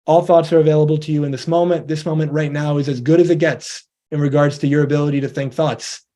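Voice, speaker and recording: An earnest man delivers a motivational talk in a loose, conversational manner. His voice sits a little high but has a mellow, soft edge. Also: fairly even intonation, fast talker. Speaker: investor education presenter.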